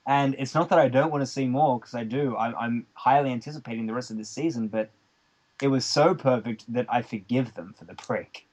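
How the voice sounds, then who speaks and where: A man's voice: mid-range voice, fairly quick, a little mellow. A man, joking and laughing as co-host of a casual podcast chat. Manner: jokey, laughs often.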